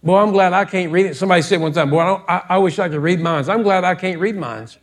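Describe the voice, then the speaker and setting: High-pitched preacher guy scolding the church, gets loud and fired up. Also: fast. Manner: preachy and scolding, builds to fervent. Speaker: pastor. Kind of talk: sermon. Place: church sanctuary.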